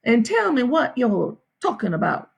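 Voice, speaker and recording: A woman voicing a drunk, leering male frontier sheriff who speaks in a slow, mocking drawl. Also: fairly high pitch, big pitch swings, creaky, slightly rough, heavily acted.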